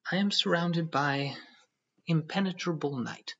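A man voicing a self-important civil servant who lectures calmly and at length. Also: a little high, creaky, breathy edge, voice pushed up, full character voice. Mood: pompous tranquil. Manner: measured, lecturing tone. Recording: dull lo-fi audio.

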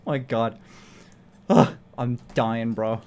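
A man's voice: mid-range voice, steady tone, slow pace, darkish tone, slight background noise. A young man streaming, chatting casually in a playful, swearing way and laughing often. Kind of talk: casual livestream chat.

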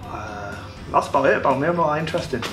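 Young male athlete guest, relaxed and self-mocking, mid pitch, echoey room with music bed. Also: quick pace. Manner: laid-back, self-deprecating, chuckling. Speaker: rugby player guest. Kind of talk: casual interview chat.

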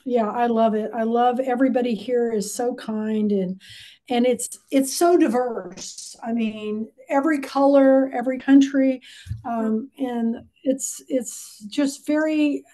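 A chatty woman in her sixties with a drawl hosts a book club over a video call. Her voice sits high and sounds mellow and warm. She talks with easy, eager enthusiasm. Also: unhurried. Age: 60s. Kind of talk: casual video call chat.

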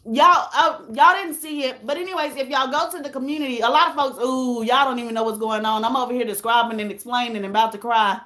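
High-pitched woman vlogging, earnest and emotional, keeps repeating herself, talks right to her viewers. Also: fast talker, few pauses, sharp tone. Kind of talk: emotional personal vlog talk.

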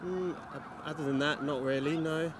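A man passer-by answering in a halting, unsure way during a street interview. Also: a little high, steady tone. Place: busy street outdoors. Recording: noisy street recording.

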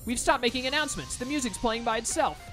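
A man voicing a polite, worried male aquarium manager in a video game, read aloud a bit higher than his own talk. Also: animated, fast talker, sharp tone, faint music behind, exaggerated voice. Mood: despairing. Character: fretful middle-aged male aquarium manager.

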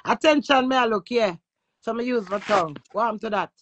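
Heavy background noise and dull audio surround this Instagram live rant by a Jamaican social media personality. Speaking a little fast at medium pitch, she brashly and crudely defies her critics over her phone stream.

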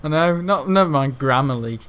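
The young YouTuber's voice is a little high, fairly bright, and animated as he rambles fairly quickly over his gameplay. His chatter is meandering, sprinkled with casual swearing and frequent restarts.

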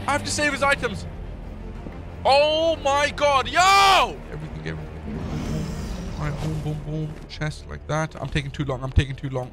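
A male streamer giving excitable gaming livestream commentary, talking to his chat and shouting when he panics. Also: on the high side, normal speed, over music, crowd noise.

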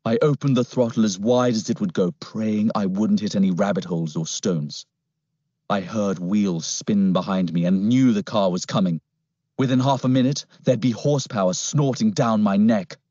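Husky low-voiced male audiobook narrator. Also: moderate pace, dark tone, dry recording. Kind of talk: first-person audiobook narration. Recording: dull lo-fi, dry recording.

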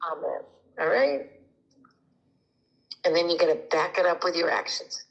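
A woman's voice: on the low side, big pitch swings, a little slow, creaky, muffled recording. Soothing middle-aged woman therapist on phone. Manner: soothing, reassuring, gently persistent. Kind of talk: phone counselling. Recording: phone speaker.

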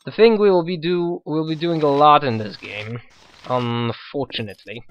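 A man's voice: on the high side, normal speed, lo-fi sound. A man who is not a native English speaker, hosting a casual let's play and hesitantly talking through the game while reading its text aloud. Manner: hesitant, many fillers and restarts, reads on-screen text aloud. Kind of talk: casual gameplay commentary.

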